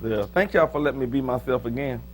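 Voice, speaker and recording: A pastor preaching a sermon in a joking, lively manner, with sudden loud, high bursts. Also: male voice, fast, a little hiss or hum. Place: church.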